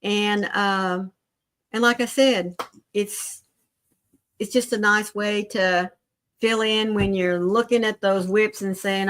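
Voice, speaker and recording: An older woman hosting a casual crochet livestream, chatting warmly with viewers and greeting them by name. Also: mid-range voice, steady tone, slow, clean tone.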